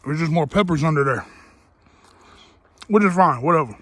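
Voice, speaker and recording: A man's voice: a little high, expressive, normal speed, a bit bright, no echo. Profane man griping through a spicy food review. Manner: profane, blunt and crude; talks while chewing. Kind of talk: casual food review vlog.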